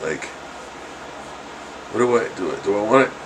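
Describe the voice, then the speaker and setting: A man's voice: lowish voice, lively intonation, moderate pace, background noise. A middle-aged man chatting casually while he draws, rambling and chuckling, with lots of fillers and restarts. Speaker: artist streaming his drawing. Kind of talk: casual chat while drawing.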